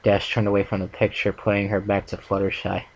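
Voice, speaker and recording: Low voiced guy reading fanfic out loud for his channel, trips over words sometimes. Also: completely flat delivery, brisk, gravelly, a little hiss or hum, rough recording. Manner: plain reading with occasional stumbles and restarts. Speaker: channel host and fanfic reader. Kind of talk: reading a fanfic aloud for a video.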